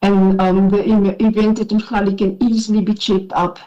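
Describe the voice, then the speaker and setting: A woman with a South African accent testifying at an enquiry, her voice shaky and halting as she gets emotional. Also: medium pitch, level tone, warm tone, highs cut off. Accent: South African English. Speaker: witness at an enquiry. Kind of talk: sworn testimony, reading a statement.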